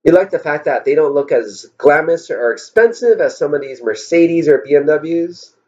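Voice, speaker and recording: A man's voice: on the high side, normal speed, a little mellow. A man vlogging in a rambling, wry storytelling style, musing aloud and asking rhetorical questions, on a dull lo-fi recording. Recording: dull lo-fi sound.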